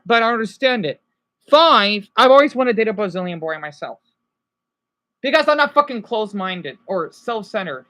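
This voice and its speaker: A woman from Arizona with an American accent, voice sitting a bit high, rants on a livestream. She rambles, doubles back and keeps punching her points with "okay?". The sound comes from a simple home mic setup. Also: a bit bright. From Arizona, USA. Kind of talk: ranting livestream monologue. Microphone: basic home setup.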